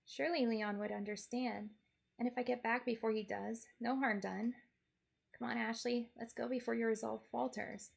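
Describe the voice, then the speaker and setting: A woman's voice: fairly high pitch, fairly even intonation, normal speed, gravelly, husky. A woman streamer narrating a game in character, in a wry, playful first-person storytelling manner.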